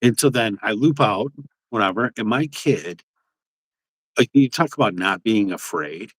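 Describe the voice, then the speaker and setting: A man's voice: on the low side, lively intonation, measured pace, no echo, low-quality recording. A man co-hosting a podcast, telling a rambling story in casual chat, with many fillers and some swearing. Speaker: podcast co-host.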